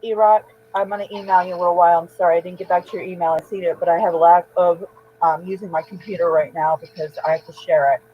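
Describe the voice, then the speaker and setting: A woman's voice: lowish voice, fairly even intonation, quick pace, a little hiss or hum. A woman hosting an emotional live-stream monologue, upset and agitated, rambling and repeating herself. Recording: dull lo-fi stream audio.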